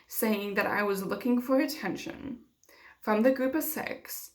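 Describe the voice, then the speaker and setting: A woman's voice: mid-range voice, unhurried. A young woman vlogger telling a personal story to camera in a candid, conversational way with many fillers.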